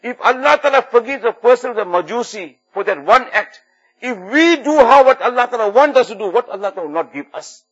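A man's voice: very high-pitched, lively intonation, fairly quick, a bit bright, husky. A man preaching a sermon in earnest, repeating key phrases for emphasis. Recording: dull lo-fi recording with faint music.

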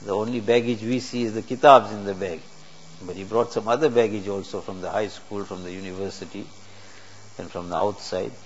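A man's voice: lowish voice, steady tone, fairly quick. A man preaching a sermon in a mosque, earnest and teaching through rhetorical questions. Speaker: Islamic preacher. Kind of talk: sermon to a congregation. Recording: dull lo-fi recording with faint hiss.

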